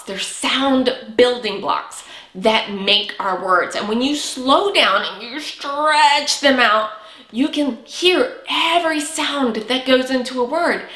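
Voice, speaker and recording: A woman's voice: high-pitched, a bit bright. A woman teaching a preschool lesson, speaking patiently and encouragingly and stretching out sounds for young children. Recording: echoey room.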